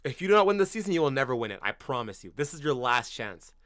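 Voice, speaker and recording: A man's voice: medium pitch, sing-song, quick pace, no room sound, studio quality. A man in his twenties from Canada, a football fan streamer chatting casually with viewers, blunt and slangy, calling everyone bro and swearing freely. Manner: gets loud and incredulous in bursts. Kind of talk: casual livestream chat reacting to viewers.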